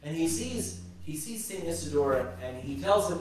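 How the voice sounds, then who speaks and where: A man teaching a church class and retelling saints' stories, halting and repeating words as he goes. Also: a little high, lively intonation. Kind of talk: storytelling religious class talk. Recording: very echoey church from a distance.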